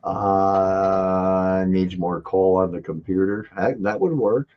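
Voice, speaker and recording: An older man hosting a casual livestream, teasing and reading out viewer comments with lively energy. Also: deep voice, slow pace. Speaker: livestream host. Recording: dull lo-fi audio.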